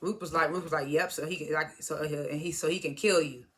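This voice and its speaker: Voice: medium pitch, fairly even intonation, fast talker, a bit bright. A speaker casually recapping a TV episode, retelling scenes as quoted dialogue, swearing freely and chuckling along. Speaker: TV episode reviewer.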